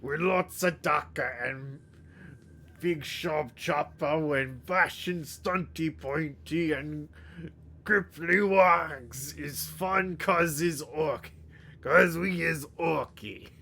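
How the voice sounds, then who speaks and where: A man voicing a crude, violent male sci-fi orc warrior who talks in a deliberately terrible mock Cockney accent and broken grammar. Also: a little high, sharp tone, slight background noise, exaggerated voice. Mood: gleeful.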